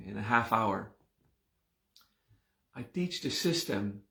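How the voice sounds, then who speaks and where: A man teaching a live class, slowly and patiently explaining word meanings, checking in often with his students. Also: medium pitch, roomy sound. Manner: slow, explains patiently with repeated "okay?".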